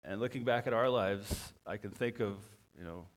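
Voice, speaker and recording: A man preaching a sermon as a pastor, halting and often repeating his words. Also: on the low side.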